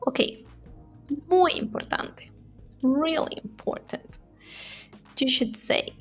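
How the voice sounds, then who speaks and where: A woman teaching Spanish in a casual video lesson, chatty and repeating phrases slowly for learners. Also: high-pitched, animated, gravelly, soft background music.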